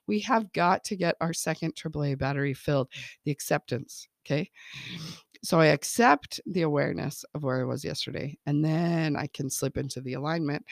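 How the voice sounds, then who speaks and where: A woman parenting coach with a low, gravelly voice talks in a chatty way, laughing often and checking in with listeners with "okay?" and "right?". The recording is clean studio sound with no echo.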